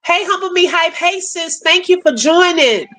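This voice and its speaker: Bright-voiced, high-pitched woman hosting a live chat. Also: normal speed. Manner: emotional, prayerful, reads and answers chat messages; animated, laughs often, calls viewers sis and y'all. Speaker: livestream host. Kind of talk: casual live chat with viewers.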